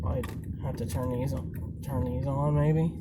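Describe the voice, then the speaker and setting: A man's voice: medium pitch, level tone, measured pace. A man hosting a podcast while driving deliveries, chatting in a laid-back, teasing way. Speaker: podcast host, delivery driver. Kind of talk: casual chat. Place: inside a moving car. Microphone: phone mounted in car. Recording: loud car road noise.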